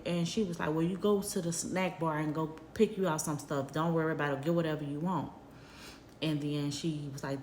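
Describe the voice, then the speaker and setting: Low-voiced woman telling a heartfelt story. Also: echoey room, a little hiss or hum. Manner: animated, conversational, heartfelt. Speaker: vlogger. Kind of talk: casual storytelling to viewers.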